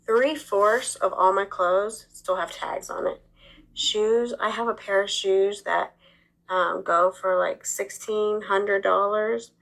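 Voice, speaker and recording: A woman's voice: mid-range voice, fairly even intonation, slow, creaky, fairly bright tone, low-quality recording. A woman chatting casually on a livestream, rambling with lots of fillers, sick with a cough. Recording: clip played inside a commentary video.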